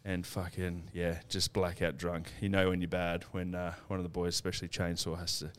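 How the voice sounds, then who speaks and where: A man's voice: sits low, completely flat delivery, brisk, smooth. A man with an Australian accent telling a laughing, swear-filled rugby tour story on a casual podcast. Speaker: podcast co-host.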